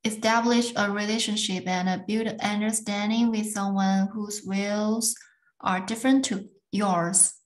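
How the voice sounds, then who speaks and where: Woman, English learner, slow, hesitant. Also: mid-range voice, fairly even intonation, rough recording. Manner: hesitant, careful reading. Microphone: video call.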